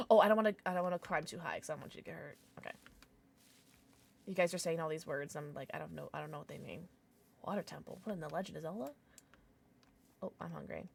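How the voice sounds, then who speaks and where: A woman streaming a game live, chatting with her viewers in an excitable, gushing way with frequent squeals. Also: medium pitch.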